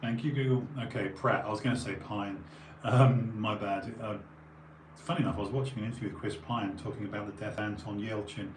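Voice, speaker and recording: A fairly quick, lowish male voice with fairly even intonation chats loosely on a stream, drifting off topic and restarting. He's tired with a runny nose, recorded in an echoey space with faint background noise.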